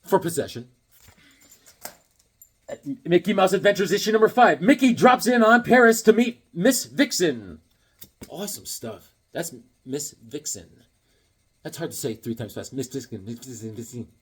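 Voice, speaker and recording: A man chats casually as a comic collector, throwing in dad jokes and long, rambling stories. His voice is husky and sits a bit high for a man, and it swings widely in pitch. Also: big pitch swings, unhurried, long pauses. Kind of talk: casual chat while unboxing comics.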